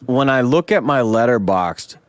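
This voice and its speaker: Animated, foul-mouthed man venting. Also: medium pitch, moderate pace, no room sound. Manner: animated, swears and vents loudly. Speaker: podcast host. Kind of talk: casual film discussion.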